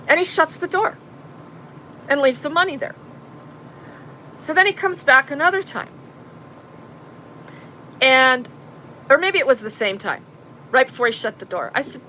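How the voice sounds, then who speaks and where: A woman's voice: sits high, animated, a little slow, pauses often, bright, forceful tone, slight background noise, poor audio. A woman telling a story in casual talk to her live chat, blunt and profane. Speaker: vlogger recounting an arrest.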